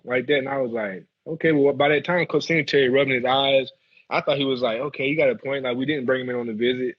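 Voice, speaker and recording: A man, a former football player telling animated stories in an interview. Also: mid-range voice, brisk, husky. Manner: animated storyteller acting out quotes. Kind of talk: storytelling interview. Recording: muffled lo-fi audio.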